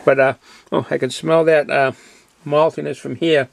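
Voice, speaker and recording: A man's voice: a little high, flat delivery, moderate pace, gravelly, dry recording. Chatty man with a Boston accent. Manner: rambling, chatty, many fillers and restarts. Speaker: beer reviewer. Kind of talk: casual review talk to camera.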